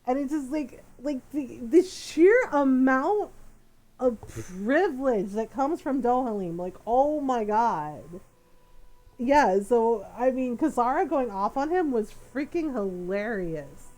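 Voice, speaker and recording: A woman streamer giving casual, animated gameplay commentary in a chatty way. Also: a little high, takes it slowly, low-quality recording.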